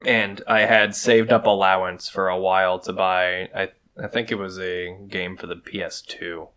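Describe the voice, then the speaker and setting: A man's voice: low-pitched, little pitch movement, moderate pace, a bit bright, smooth. A young man co-hosting a casual podcast, teasing dryly and telling nostalgic stories. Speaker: podcast co-host. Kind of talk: casual chat.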